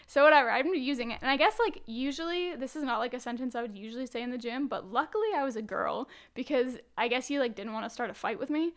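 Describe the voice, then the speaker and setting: A young woman with a high-pitched voice tells a gym story as a podcast guest. She acts out what people said and swears freely in relaxed, casual chat. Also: quick pace, hardly any pauses. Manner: animated storytelling with acted-out quotes, swearing freely.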